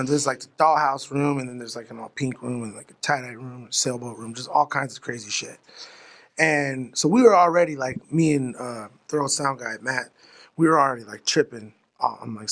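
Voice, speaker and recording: A man's voice: mid-range voice, normal speed, a bit bright. A man, a guest musician who tells stories in a laid-back, swearing drawl. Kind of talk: casual storytelling chat.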